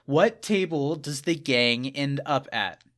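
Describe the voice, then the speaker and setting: A man co-hosting a podcast in casual chat, playful, dropping low for asides. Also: expressive, takes it slowly, a bit bright. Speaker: podcast co-host.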